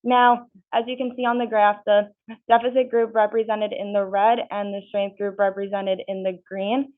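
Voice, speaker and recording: A woman's voice: medium pitch, little pitch movement, moderate pace. A young woman, a student, giving a research presentation and reading steadily through her methods and figures. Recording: tinny, phone-like sound.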